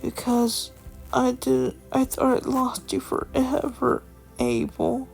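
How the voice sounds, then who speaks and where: A woman's voice: high-pitched, big pitch swings, slow, creaky, darkish tone, soft background music, pitched above the performer's own voice, full character voice. A woman voicing an anxious, tender winged father who pleads and coos. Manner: pleading, cooing.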